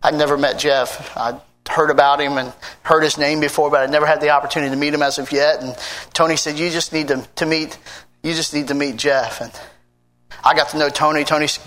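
American pastor telling a story. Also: male voice, a little high, fairly quick. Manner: energetic, shouting and laughing in an acted-out pancake run; quiet, confiding storytelling. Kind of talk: sermon. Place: church service with a congregation.

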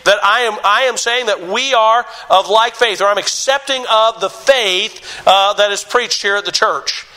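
A man's voice: high voice, a little slow, few pauses, pushed and bright, poor audio. A man preaching a sermon as a pastor, emphatic and direct, often breaking off with restarts and urging listeners to listen. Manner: emphatic, repeats "listen" and "understand with me", many restarts.

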